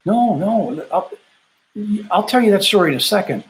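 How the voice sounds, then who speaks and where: An older man voicing a friendly young man in a brisk, cheerful way. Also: high-pitched, expressive, pitched above the performer's own voice, low-quality recording.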